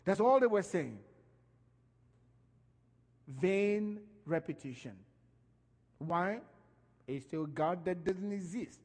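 High-voiced preacher in a reverberant hall. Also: male voice, takes it slowly, long pauses. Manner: animated preaching, voice rising and falling in emphasis. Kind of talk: sermon.

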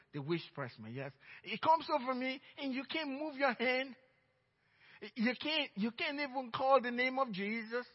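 A middle-aged man with a Nigerian accent preaching a sermon as pastor, telling stories emphatically and swinging between loud outbursts and hushed asides. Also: very high voice. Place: church sanctuary. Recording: dull reverberant church recording.

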